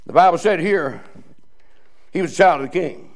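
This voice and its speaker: A man's voice: fairly high pitch, normal speed. A male pastor preaching a sermon in a folksy, joking way, full of restarts and chuckles. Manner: folksy, joking preaching with laughs and repeated starts.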